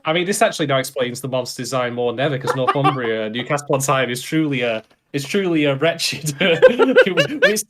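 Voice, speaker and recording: A man's voice: medium pitch, very animated, fairly quick, few pauses, noisy background. A man from England co-hosting a casual anime podcast, rambling and repeating words while he jokes and talks through listener questions. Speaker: podcast co-host.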